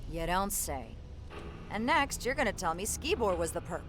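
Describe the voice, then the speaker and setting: A woman's voice: fairly low pitch, sing-song, moderate pace, background noise. An actress voicing a sarcastic, demanding female commander in a game. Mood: stern. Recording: game audio with music behind. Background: music.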